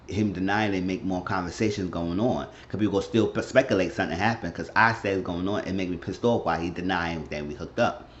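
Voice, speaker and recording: A man's voice: deep voice, highs cut off, a little hiss or hum. A man casually recapping a reality show episode for his channel, rambling along and retelling scenes in quoted voices. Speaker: YouTube recap host.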